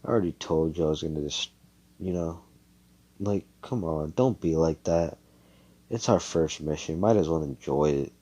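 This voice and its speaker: A man's voice: rumbling low, normal speed, mellow, breathy edge. Man doing a cocky, laid-back young knight.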